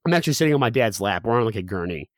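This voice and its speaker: Man, 30s, podcast guest, rapid personal storytelling, frequent restarts, dry sound. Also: lowish voice, expressive, no room sound.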